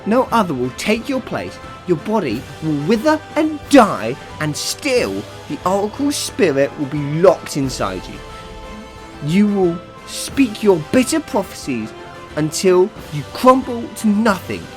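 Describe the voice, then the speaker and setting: A man's voice: high-pitched, huge pitch swings, a little slow, soft background music, voice pushed up, full character voice. A man voicing a vengeful male underworld god who declaims a curse solemnly in a wobbly put-on accent.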